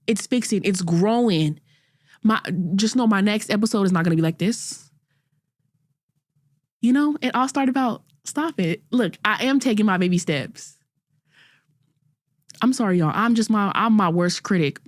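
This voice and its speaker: A woman's voice: fairly high pitch, no room sound, studio quality. A young woman in her twenties hosting a podcast, talking through a candid, self-critical monologue in casual slang with frequent restarts. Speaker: podcast host.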